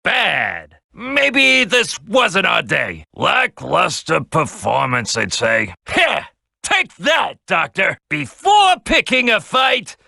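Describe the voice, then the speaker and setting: An actor playing a brash male game fighter who taunts and shouts boasts at his opponent. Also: sits high, sing-song, slow pace, creaky, no echo, studio quality, voice pushed up, exaggerated voice. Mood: taunting.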